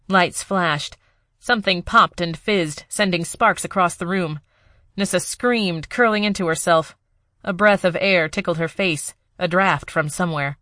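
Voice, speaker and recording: Low-voiced woman reading an audiobook. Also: unhurried, bright, forceful tone, no room sound, studio quality. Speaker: audiobook narrator. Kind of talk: scripted narration.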